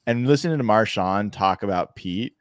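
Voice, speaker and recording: Podcast co-host, man, low-pitched, animated, dry close sound. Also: moderate pace, clear, resonant tone, dry recording. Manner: animated, frequent restarts. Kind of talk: casual sports podcast chat.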